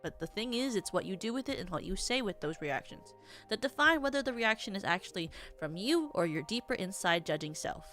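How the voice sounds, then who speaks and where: A woman's voice: mid-range voice, animated, a little fast, fairly bright tone, soft background music. A young adult woman streaming as a VTuber, chatting casually in a rambling, theatrical way with many filler words. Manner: self-described yappy, theatrical.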